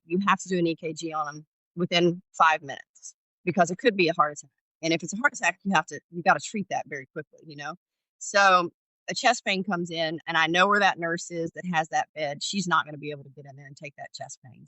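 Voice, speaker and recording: A middle-aged former ER paramedic from Georgia, USA, appears as a podcast guest in a storytelling interview, telling candid tales and acting out exchanges with animation. Her lowish voice sounds pushed and bright. The recording is dry and the audio poor.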